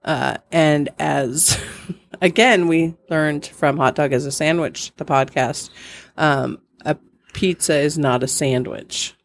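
A woman's voice: low-pitched, takes it slowly, vocal fry. A middle-aged woman co-hosting a podcast in casual chat, rambling and laughing often. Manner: chatty, giggly, rambling. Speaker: podcast co-host.

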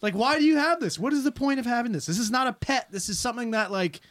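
A man telling stories in casual chat, animated and swearing constantly, talking about his work as an emergency responder. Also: very high-pitched, fast talker. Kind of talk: casual profane chat and storytelling.

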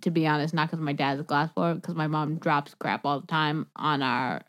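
A woman from the American South co-hosting a podcast, chatting casually in a playful, jokey, animated way. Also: deep voice, moderate pace. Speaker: podcast co-host. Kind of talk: casual chat.

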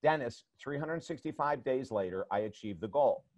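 A man's voice: mid-range voice, animated, moderate pace, darkish tone, no room sound, lo-fi sound. A man working as a life coach, telling stories in an interview with energy and emphasis and repeating words as he starts sentences. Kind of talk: interview storytelling.

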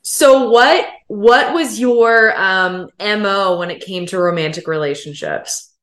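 A woman's voice: medium pitch, a little slow, a bit bright, echoey room. A woman podcast host, affirming and reflective as she responds to her guest. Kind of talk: conversational interview.

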